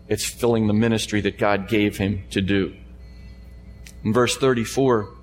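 Preaching man in a reverberant hall. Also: lowish voice. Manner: emphatic preaching, repeated phrases, questions to the congregation. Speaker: pastor. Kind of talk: sermon. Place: church sanctuary before a congregation. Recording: long hall reverb with faint hum.

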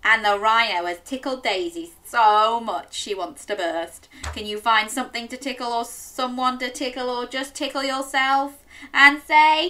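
A woman's voice: on the high side, measured pace, pushed and bright. A woman reading an interactive story aloud to young children, coaxing them to join in with sing-song questions.

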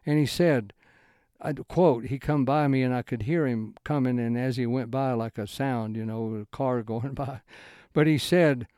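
A man's voice: normal speed, darkish tone, clear, resonant tone, no room sound, clean studio sound. A man giving an informal Bible study talk, rambling in broken sentences with restarts and rising into emphatic lines. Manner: swings into emphatic raised-pitch lines. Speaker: Bible teacher.

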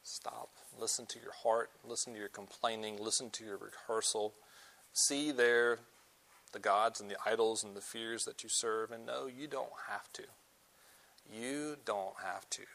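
A young man giving a sermon to students, earnest, moving between loud emphasis and soft, slow pleading. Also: lowish voice, fairly even intonation, creaky. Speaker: campus ministry speaker.

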